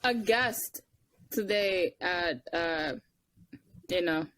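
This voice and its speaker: A woman's voice: very slow, no room sound. A young woman co-hosting a podcast, telling stories in casual chat and acting out the quotes with big jumps in her voice. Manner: animated storytelling, acts out quotes with big pitch jumps. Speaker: podcast co-host.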